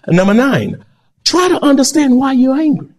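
A male pastor preaching an animated sermon. He acts out voices and breaks into shouts. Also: extremely high pitch, normal speed.

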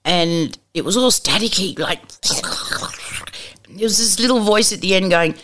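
A middle-aged woman with a medium-pitched, unhurried voice tells candid stories as an interview guest. She's blunt and lively, acting out dialogue and swearing casually.

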